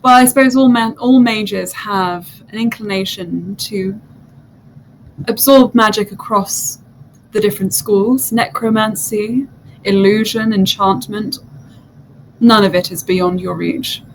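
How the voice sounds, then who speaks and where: A woman voicing a mysterious diviner who senses magic, speaking in a hushed, grand, flattering way. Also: mid-range voice, unhurried, slight background noise, natural voice, poor audio.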